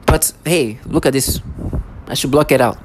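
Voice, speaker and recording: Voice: medium pitch, normal speed, noisy background. Agitated rambling vlogger, stammering restarts. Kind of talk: rambling personal monologue.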